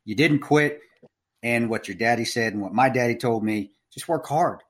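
Male podcast host, enthusiastic and casual, mid-pitched, quick to laugh. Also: a bit bright. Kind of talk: casual interview chat.

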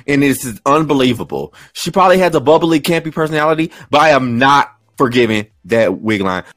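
Animated man ranting in lively swoops. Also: mid-range voice, a little fast, few pauses, no room sound, clean studio sound. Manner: animated, dramatic mock-angry rants. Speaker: podcast co-host. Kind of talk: casual chat.

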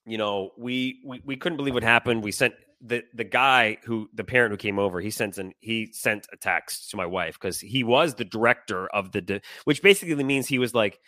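A middle-aged man tells a story in a bright, forceful voice with a dry, close sound. He talks animatedly, swears freely, and acts out the people in it. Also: on the low side, moderate pace, hardly any pauses, no room sound. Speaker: podcast co-host. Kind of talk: casual storytelling chat.

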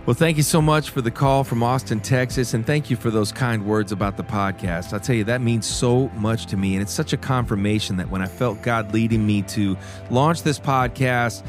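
An earnest man in his thirties hosts a call-in podcast in a middle-pitched voice, speaking from the heart and growing soft and emotional when moved. Faint music plays behind him. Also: normal speed, hardly any pauses. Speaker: podcast host. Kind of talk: warm call-in podcast talk.

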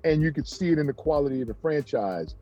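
Husky-voiced man telling a lively story. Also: fast, highs cut off, faint music behind. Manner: animated, jumps high in pitch when acting out people. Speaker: former pro basketball player, interview guest. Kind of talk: casual storytelling in an interview.

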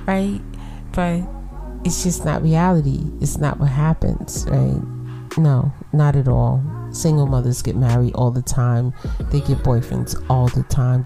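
A woman hosting her own podcast in a chatty, affirming way, often asking her listeners "right?", sounding tired. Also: low-pitched. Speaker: podcast host. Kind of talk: casual solo podcast talk.

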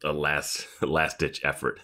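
A man with an extremely deep voice co-hosts a podcast about a TV show. He talks in a relaxed, easygoing way and fills the conversation with quick agreements. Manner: relaxed, agreeable, many short affirmations. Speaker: podcast co-host. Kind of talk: casual chat about a TV episode.

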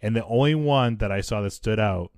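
A man's voice: lowish voice, fairly quick, heavy background noise. A man hosting a podcast, bantering and laughing often in casual chat. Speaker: podcast host.

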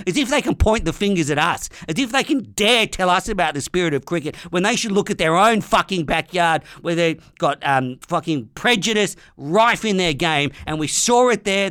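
A man's voice: sits high, fairly bright tone, clean tone, dry recording, clean studio sound. An Australian man hosting a podcast, delivering an angry, profane comedic rant. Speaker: podcast host. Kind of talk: comedic ranting monologue.

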